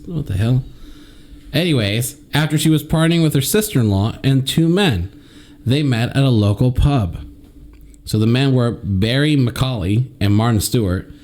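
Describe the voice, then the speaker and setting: A young man co-hosting a casual podcast, his voice swinging up and down as he reads a news story aloud. He keeps it jokey and loose, at a middle pitch. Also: darkish tone. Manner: jokey, reads quotes in exaggerated high put-on voices. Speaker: podcast co-host.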